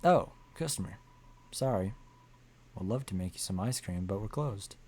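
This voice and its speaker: A man's voice: on the low side, expressive, normal speed, mellow, a little hiss or hum. A tired man streaming a video game, rambling and joking in a casual way. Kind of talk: casual game livestream commentary.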